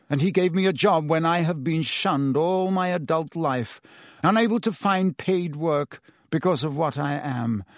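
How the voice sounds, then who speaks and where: A man's voice: fairly high pitch, no room sound, clean studio sound, close to an everyday voice. A man voicing a guilt-ridden weary teacher. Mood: remorseful. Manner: heavy, confessional, self-reproaching. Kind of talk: audiobook character reading.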